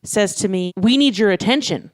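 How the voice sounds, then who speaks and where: A man co-hosting a casual podcast, telling a quick, wry story about waiting tables. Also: high-pitched, dry recording, studio quality. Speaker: podcast co-host, restaurant server.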